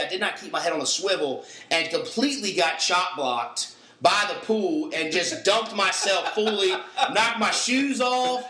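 A man's voice: a little high, pushed and bright, echoey room, low-quality recording. A young man hosting a podcast, telling a rambling story with restarts in casual chat. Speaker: podcast host.

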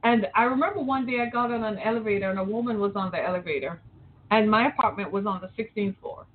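A woman's voice: medium pitch, quick pace. Impassioned woman host on a tinny line. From Metro Detroit, Michigan. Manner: preachy and impassioned, asks rhetorical questions. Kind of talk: opinion talk show monologue. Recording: tinny phone-like audio.

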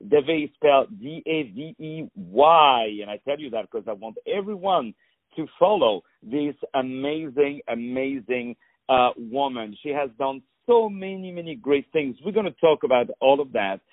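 A man hosting a radio interview, effusive and flattering, often halting on repeated words and fillers. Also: medium pitch, dry recording. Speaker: radio show host. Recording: dry, tinny phone-quality sound.

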